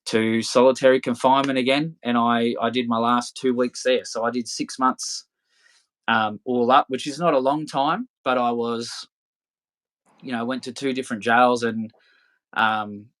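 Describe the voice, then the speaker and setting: A man's voice: medium pitch, steady tone, moderate pace, a bit bright. A young adult man with an Australian accent, telling his story as a podcast guest in a blunt, profane way, full of fillers. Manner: blunt, heavy swearing, filler-laden. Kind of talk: casual storytelling.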